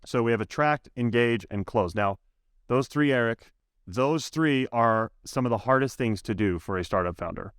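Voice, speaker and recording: A male sales coach talks in a podcast interview, emphatic and animated as he tells his stories. His voice sits at an ordinary middle pitch. The sound is close and dry, with no room around it. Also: normal speed, clear, resonant tone, no room sound. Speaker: software sales coach, guest.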